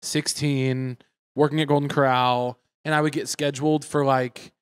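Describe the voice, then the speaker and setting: A man's voice: medium pitch, flat delivery, moderate pace, smooth. A man chatting casually as a podcast host, telling stories in a wry, blunt way with some swearing. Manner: wry storyteller, blunt and profane. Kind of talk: casual chat.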